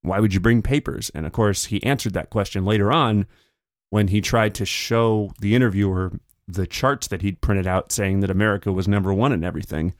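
Low-voiced man riffing on politics. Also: fairly even intonation, no echo, clean studio sound. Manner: conversational, paraphrasing others in quick put-on quotes. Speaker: podcast host. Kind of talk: solo political commentary.

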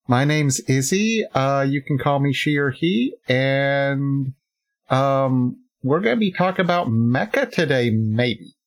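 A podcast host in casual chat, talking slowly with many fillers and restarts. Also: female voice, extremely low pitch, lively intonation.

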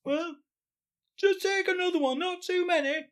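A woman's voice: very high voice, moderate pace, voice pushed up. A woman putting on a sarcastic old wife. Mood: exasperated. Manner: exasperated, sarcastic. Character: weary, sharp-tongued old wife.

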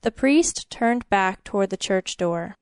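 A woman narrating a story in a measured, even storytelling manner. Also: mid-range voice, clean tone, dry recording, studio quality.

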